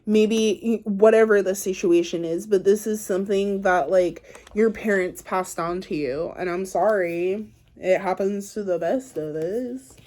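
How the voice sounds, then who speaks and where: A woman with a warm, medium-pitched voice speaks unhurriedly while doing a casual pick-a-card tarot reading for her viewers. As a tarot reader, she is chatty and rambling, her speech packed with ums and likes.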